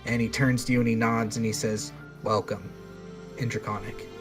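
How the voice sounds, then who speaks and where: A man's voice: mid-range voice, little pitch movement, quick pace, over music. A man running a tabletop game as dungeon master, casual and laughing as he narrates, with some swearing.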